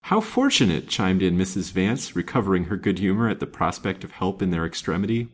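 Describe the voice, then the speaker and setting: Low-voiced man reading a classic novel. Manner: steady, measured reading. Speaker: storyteller.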